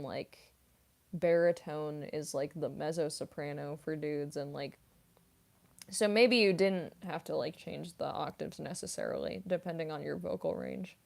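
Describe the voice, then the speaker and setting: A classically trained singer who works as a voice actress chats on her livestream, reading and answering viewer comments. She talks in a fairly low, slightly mellow voice with vocal fry, and her speech is loaded with "like" and "um."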